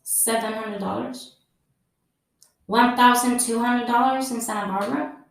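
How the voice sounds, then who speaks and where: A woman's voice: fairly high pitch, fairly even intonation, a little slow, creaky. A woman hosting a podcast, telling a personal story candidly in non-native English, swearing freely and acting out what others said. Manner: candid, swears freely, acts out quoted people. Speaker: podcast host. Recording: very echoey room, mic far off.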